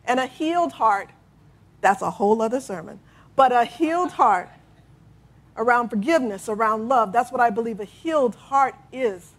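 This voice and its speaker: Expressive middle-aged woman preaching. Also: a little high, moderate pace. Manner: expressive preaching, leads call-and-response affirmations, laughs often. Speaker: minister. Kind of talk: sermon.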